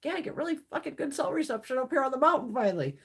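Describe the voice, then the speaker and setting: Woman, fifties, livestream host, blunt and profane, lively swooping pitch. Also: racing, slightly rough. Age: 50s. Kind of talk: casual livestream chat. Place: home, mountain area.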